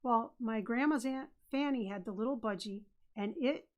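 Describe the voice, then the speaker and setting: This Idaho woman is a chatty storyteller on a casual live stream who frequently jumps in while her co-host is speaking. She speaks at a moderate pace in a fairly high voice, and the highs in the audio are cut off.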